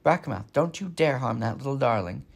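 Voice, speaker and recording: A man's voice: mid-range voice, animated, normal speed, creaky, husky. A man putting on a bossy old mother goose. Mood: protective. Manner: bossy, kindly instructing. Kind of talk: storybook read-aloud.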